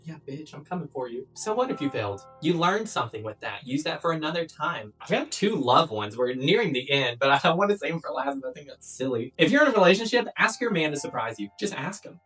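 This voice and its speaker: A woman's voice: low voice, very animated, fast talker, few pauses, a bit bright, slightly rough. A young woman vlogging life tips in a blunt, playful way, swearing often. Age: young adult. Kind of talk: casual chat to camera. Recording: distant mic with background music.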